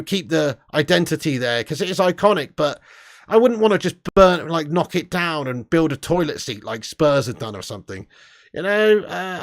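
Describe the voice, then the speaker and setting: A man's voice: a little high, dry recording, studio quality. A man hosting a casual live stream, chatting and laughing as he reads viewer comments aloud. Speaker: live stream host reading chat.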